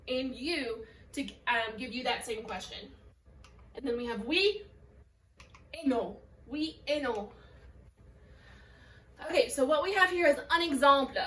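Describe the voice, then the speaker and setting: A woman's voice: high voice, pushed and bright. A woman French teacher recording a video lesson, explaining step by step and modelling French words and phrases. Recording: echoey room, voice a bit far from the mic.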